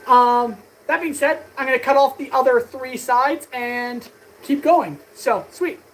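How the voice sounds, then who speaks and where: A woman blacksmith chatting fast and eagerly with her live-stream audience while she works in her workshop. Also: sits high, slight background noise, rough recording. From Canada. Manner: chatty, talks fast, answers chat eagerly. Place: workshop with power tools.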